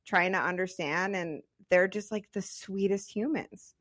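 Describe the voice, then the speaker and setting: Here a woman in her thirties co-hosts a podcast, keeping the conversation casual and sprinkling it with frequent "like" fillers. She speaks at a measured pace in a mid-range, fairly bright voice.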